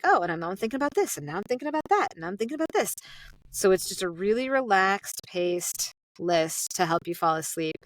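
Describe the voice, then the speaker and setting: A woman with an American accent, chatting casually as an interview guest about her sleep podcast, animated and quoting her own thoughts. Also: medium pitch, no echo. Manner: chatty, animated, quotes herself.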